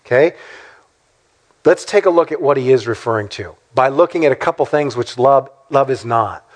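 A man preaching a sermon in an emphatic, lively way, with mock-sarcastic asides. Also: medium pitch, moderate pace. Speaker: pastor.

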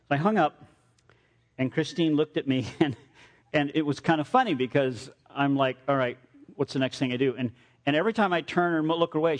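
Man preaching a story-filled sermon. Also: medium pitch. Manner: storytelling, acts out quotes, dry humor. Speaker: pastor. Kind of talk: sermon with personal stories.

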